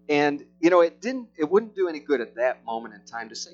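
A middle-aged male pastor tells a sermon story in a loose, rambling way, stopping and restarting often. The recording sounds a little dull. A guitar plays softly behind him. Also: fairly high pitch, sing-song. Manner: rambling, halting, many restarts. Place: church service. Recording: slightly muffled with soft guitar.

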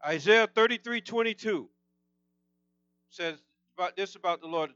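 Excitable guy preaching, voice goes up when he gets fired up, sharp tone, kinda muffled sound. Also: high-pitched, moderate pace, pauses often, clear, resonant tone, no room sound. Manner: voice rises when excited, fervent and emphatic. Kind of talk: sermon.

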